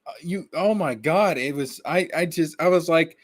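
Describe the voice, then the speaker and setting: A man in casual chat, ranting with animated, profane mock outrage. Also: on the high side, normal speed, dry recording, clean studio sound. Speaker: podcast co-host.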